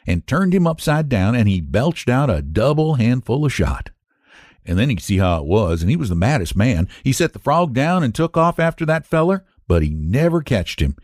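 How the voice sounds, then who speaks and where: A male storyteller reads an old tale in a folksy rural dialect, his pitch rising and falling with lively animation. The recording is close and dry with no room sound. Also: moderate pace, no room sound. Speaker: story reader. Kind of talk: reading a classic short story aloud.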